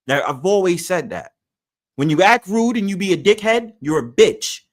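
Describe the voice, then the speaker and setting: A man's voice: high voice, lively intonation, normal speed. Blunt, opinionated New man. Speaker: livestream host. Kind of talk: casual livestream talk.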